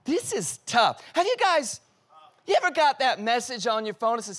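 High-voiced animated preacher man. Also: fairly quick, some chatter behind, a little hiss or hum. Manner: animated storytelling, acting out text messages and his own reactions; loose, conversational delivery with many filler "like"s. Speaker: pastor. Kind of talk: sermon.

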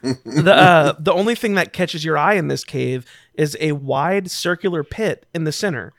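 A man's voice: on the high side, moderate pace, fairly bright tone, no echo, clean studio sound. A man narrating as game master, in a loose manner with fillers.

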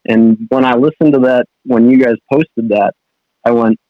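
A young man who works as a fishing guide talks as a podcast guest, loose and rambling with many restarts. His medium-pitched voice is fairly even in intonation and moderately paced, and the recording is dull and dry.

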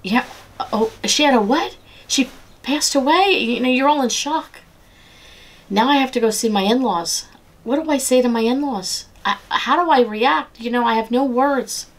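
A middle-aged woman giving a personal devotional talk, earnest and conversational, slowing down and softening when she repeats scripture. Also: on the high side. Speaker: devotional speaker.

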